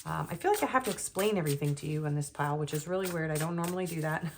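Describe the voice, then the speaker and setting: Lowish-voiced woman doing a tarot reading, kinda nervous, lots of ums, faint hum in the background. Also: very fast. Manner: rambling, hesitant, with many ums and soft laughs. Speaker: tarot reader. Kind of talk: casual tarot reading monologue.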